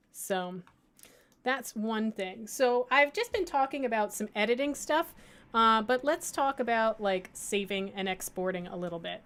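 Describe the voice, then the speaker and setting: A woman librarian giving a casual software tutorial, thinking aloud, with lots of fillers and restarts and a playful, self-mocking humor. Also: a little high, clear, resonant tone. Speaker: librarian teaching audio editing.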